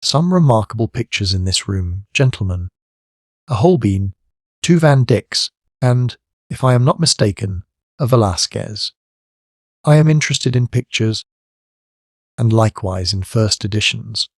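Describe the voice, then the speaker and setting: A man voicing a placid American gentleman collector who speaks in a slow, polite drawl with an American accent. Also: fairly low pitch, lively intonation, dry recording, studio quality.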